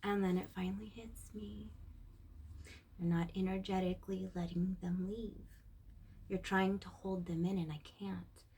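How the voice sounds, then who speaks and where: A woman sharing a personal reflection in a casual, heartfelt monologue, recorded on a phone. She speaks softly and often drops to a breathy near-whisper. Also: mid-range voice, level tone, unhurried, slight background noise. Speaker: vlogger.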